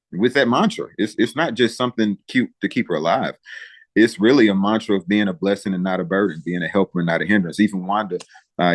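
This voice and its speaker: A man speaking as an interview guest, emotional and halting, with frequent pauses and restarts as he encourages listeners like a preacher. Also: low voice, dry recording. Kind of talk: earnest interview talk.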